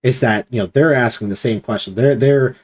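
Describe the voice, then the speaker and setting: A man's voice: mid-range voice, brisk. A man leading a streamed Bible study discussion, explaining at length and acting out quoted commands with emphasis.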